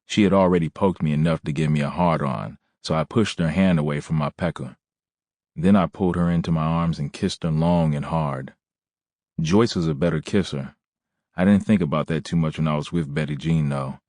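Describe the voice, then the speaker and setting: A man narrating a first-person audiobook in a plain, measured way. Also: extremely low pitch, darkish tone, dry recording, studio quality.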